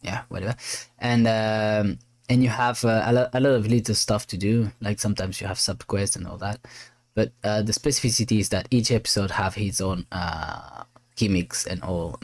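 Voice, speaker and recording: Halting man explaining his game. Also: lowish voice. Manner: halting, many fillers and restarts. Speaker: game developer. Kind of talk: let's play commentary.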